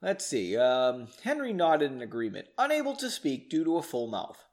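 Chatty man reading aloud with lively pitch. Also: moderate pace. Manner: self-mocking, chatty asides, laughs between passages. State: tipsy from drinking. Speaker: reader of his own book. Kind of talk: casual read-aloud with asides.

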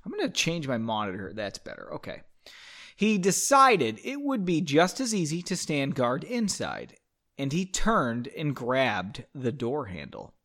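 A man's voice: medium pitch, sing-song, unhurried, a bit bright. Sarcastic man reading aloud. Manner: sarcastic, swears, breaks off with jokes. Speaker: podcast host. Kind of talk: comedic reading of fan fiction.

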